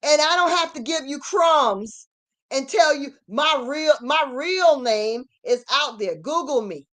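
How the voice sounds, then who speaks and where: A woman giving an emphatic, repetitive ranting commentary as host of her channel, at times rising to shouts. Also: high-pitched, expressive, slow.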